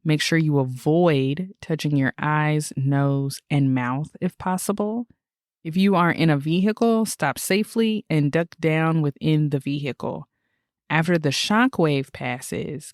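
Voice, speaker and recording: A woman with a low, dry-sounding voice co-hosts a casual podcast. She vents in exasperated, animated rants and swears freely. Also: unhurried, no echo. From Michigan, USA. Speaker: podcast co-host.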